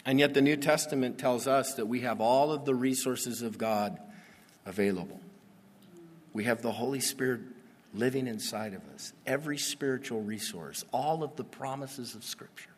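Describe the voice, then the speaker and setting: A pastor giving a sermon, reading Bible verses and explaining them in a conversational way that builds to emphatic peaks. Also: male voice, mid-range voice, normal speed. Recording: long reverb of a large hall.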